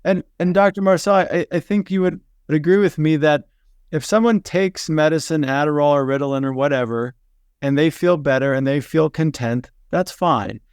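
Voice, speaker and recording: A male psychiatrist hosts the podcast and lays out his points in a measured, explanatory way. His voice is smooth and resonant. The recording is dry and close. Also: a little high, no room sound. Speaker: psychiatrist host. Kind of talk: podcast conversation.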